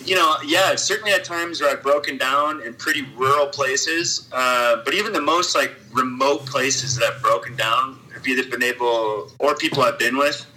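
A man's voice: mid-range voice, normal speed, few pauses, bright, forceful tone, slight background noise, poor audio. A man chatting casually on a podcast, rambling and swearing, full of "dude" and "you know". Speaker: podcast co-host, cycle traveler.

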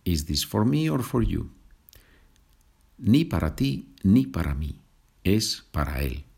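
A man with a Spanish accent, teaching a Spanish lesson in a slow and patient way and moving between example sentences and explanations. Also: low-pitched, very animated, vocal fry, a little mellow, slightly rough. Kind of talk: language lesson podcast.

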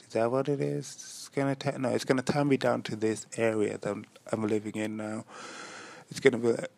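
A man's voice: medium pitch, little pitch movement, fairly quick, vocal fry, a little mellow, no room sound. A young man hosting a solo diary-style podcast, rambling and musing aloud with self-mocking asides. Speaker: podcast host.

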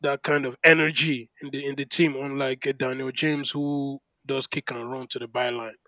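A man co-hosting a casual podcast, talking in an animated, rambling way with lots of fillers. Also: mid-range voice, normal speed, dry recording, poor audio. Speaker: podcast co-host. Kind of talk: casual chat.

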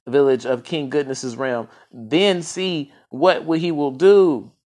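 A man's voice: medium pitch, animated, a little slow, lightly acted. A man voicing a greedy, scheming male royal minister in a storybook reading, with a wheedling manner. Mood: pleading.

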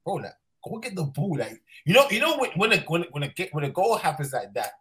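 Male podcast host, lively and bouncy, casual football banter. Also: on the high side, quick pace, slight background noise. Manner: animated, repeats phrases, laughs often.

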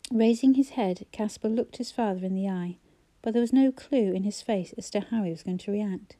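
Woman audiobook narrator, measured and even; dark, mellow timbre. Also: medium pitch. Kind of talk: scripted narration of a novel.

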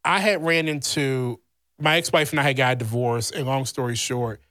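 A man from Louisiana, a podcast host, telling a rambling, animated personal story in casual chat, swearing freely. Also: mid-range voice, moderate pace, no echo, studio quality. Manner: heavy swearing, blunt and animated; rambling with many fillers.

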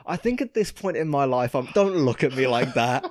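A man's voice: mid-range voice, big pitch swings, moderate pace, no echo. A young man hosting a movie podcast from a spare room at home, chatting casually and teasing his co-host with dry jokes. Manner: joking, dry teasing banter. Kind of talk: casual chat.

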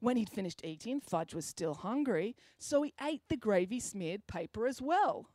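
A woman's voice: mid-range voice, lively intonation, moderate pace, mellow, dry recording, natural voice. A woman voicing a clever, peculiar schoolgirl detective in a storybook reading, confident and matter-of-fact.

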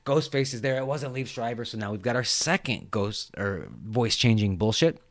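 Animated, cussing male podcast host. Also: mid-range voice, moderate pace, dry recording. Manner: profane, rambling, animated retelling. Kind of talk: casual film chat.

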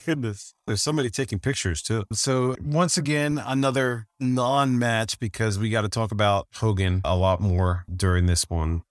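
A man's voice: on the low side, no room sound, studio quality. Laid-back man reading stats. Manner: relaxed, reads out facts, laughs often. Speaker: podcast co-host. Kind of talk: casual chat reviewing old wrestling.

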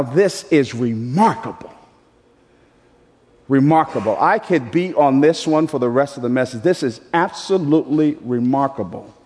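A man preaching a sermon as pastor, with emphatic delivery that leaps into high, animated voicing. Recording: echoey hall with long reverb.

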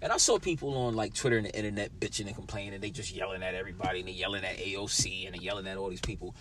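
A man's voice: low voice, very fast, fairly bright tone, soft background music. A young man hosting a podcast, ranting with lots of swearing and talking straight at his listeners in a sour, angry mood. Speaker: podcast host. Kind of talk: profane solo podcast rant.

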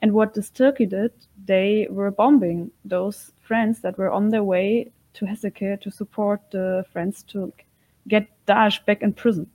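A woman's voice: mid-range voice, fairly even intonation, a little slow, darkish tone, low-quality recording. A woman guest in an interview, speaking earnestly and sometimes searching for words. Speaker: guest, militia fighter.

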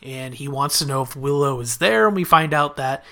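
A man's voice: mid-range voice, lively intonation, moderate pace, gravelly, fairly bright tone. A man casually recapping a TV episode as a podcast host, chatting through the plot and quoting the characters in his own voice.

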